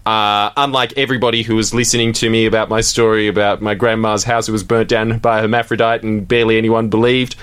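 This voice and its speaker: A man's voice: on the low side, flat delivery, quick pace, few pauses, fairly bright tone, smooth. Dry-witted young man. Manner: dry teasing humour. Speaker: radio co-host. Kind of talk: casual radio banter.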